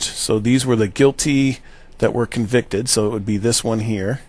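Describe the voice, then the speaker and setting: A man working through probability problems aloud as a teacher, thinking out loud with fillers and self-corrections and checking in with "right?". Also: on the low side, normal speed, dry recording. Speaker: math teacher.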